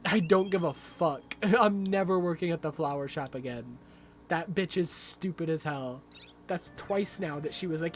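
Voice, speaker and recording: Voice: mid-range voice, normal speed, soft background music. A livestreamer commenting on a game while playing, ranting in exasperated, swearing outbursts and repeating phrases over and over. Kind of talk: live gaming commentary.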